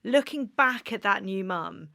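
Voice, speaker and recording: A woman's voice: medium pitch, animated, unhurried, gravelly, dry recording, clean studio sound. A woman hosting a podcast, chatting casually and reflecting back on her guest's story. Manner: warm, empathetic interviewer who reflects back on the guest's story. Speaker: podcast host. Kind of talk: casual chat.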